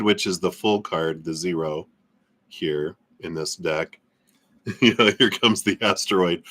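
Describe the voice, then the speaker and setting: A man's voice: deep voice, fairly bright tone. A man giving a live tarot reading in a loose, rambling way, full of fillers and small laughs. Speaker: tarot reader.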